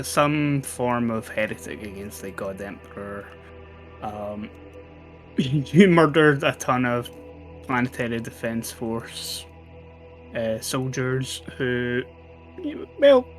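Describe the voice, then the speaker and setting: A man acting as game master, recapping the last session in a relaxed, hesitant way with many fillers. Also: mid-range voice, takes it slowly, soft background music.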